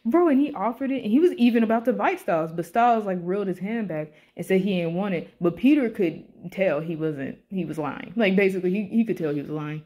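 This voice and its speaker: A young woman talks through a show review in a loose, animated rant. She swears freely and sounds exasperated. Her voice sits at an ordinary middle pitch. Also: fast talker. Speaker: YouTube reviewer.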